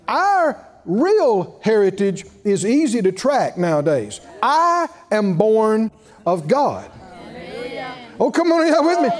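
This is a sermon from a male preacher whose high, lively voice rises and falls for emphasis. Unhurried, he presses each point slowly, pushes the congregation to answer back and slips in chuckling asides.

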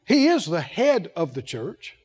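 A man preaching a sermon, keeping it animated and asking the congregation one rhetorical question after another. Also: sits high, a little slow, breathy edge.

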